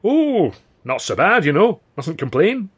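A man voicing a nervous, chummy older male music-hall pal with a husky, squealing voice. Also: sits high, big pitch swings, measured pace, voice pushed up, heavily acted. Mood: sheepish.

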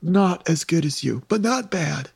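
Male game master, high, husky voice, playful teasing narrator. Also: animated, unhurried, darkish tone, no echo.

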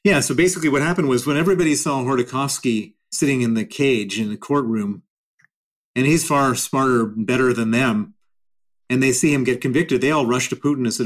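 A man's voice: medium pitch, brisk. A man answering interview questions at length, emphatic and given to repeating his points. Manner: emphatic and repetitive. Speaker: interview guest.

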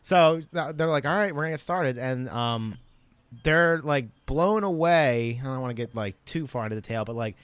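A young man telling a long story in casual chat, animated and rambling, full of fillers. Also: medium pitch, moderate pace, smooth.

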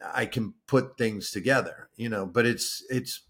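A man's voice: fairly low pitch, unhurried, fairly bright tone. Man chatting casually on a podcast. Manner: explains at length, repeats words while thinking. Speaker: podcast co-host. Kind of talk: casual chat.

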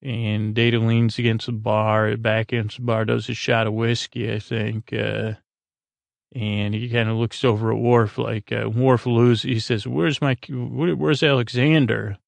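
A man's voice: on the low side, completely flat delivery, a little slow, gravelly, no echo. A man hosting a podcast, casually retelling a TV episode scene by scene in a rambling way with lots of filler words. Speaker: podcast host.

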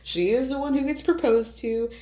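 A woman's voice: high voice, normal speed, warm tone. Sex: woman. Role: podcast host. Style: casual recap commentary. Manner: chatty, sarcastic. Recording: roomy echo. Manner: chatty, sarcastic, swearing freely.

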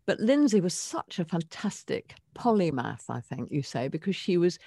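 An older woman co-hosting a casual podcast chat, reflective and expressive as she introduces guests. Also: on the low side, moderate pace, no room sound, studio quality. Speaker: co-host.

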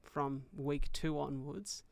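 Animated host, smooth, dry. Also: male voice, on the high side, takes it slowly, no echo. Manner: animated, emotionally open storyteller. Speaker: podcast host. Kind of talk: conversational interview.

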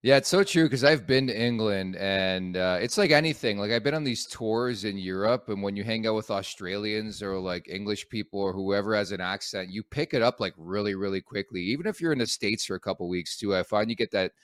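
A man's voice: lowish voice, fairly quick, few pauses, smooth, no room sound, clean studio sound. A man hosting a sports podcast who teases his guest in a playful, chatty way. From Canada. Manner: playful, teasing interviewer. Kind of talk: casual chat.

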